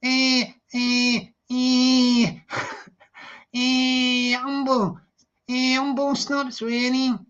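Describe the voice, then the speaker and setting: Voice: sits high, completely flat delivery, very slow, a bit bright, clear, resonant tone, pitched above the performer's own voice, heavily acted. A livestreamer doing a shaky Liverpool-accent impression of a man telling someone to stop swearing. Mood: scolding. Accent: Liverpool (attempted). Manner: repetitive, clumsy impression. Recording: lo-fi livestream audio.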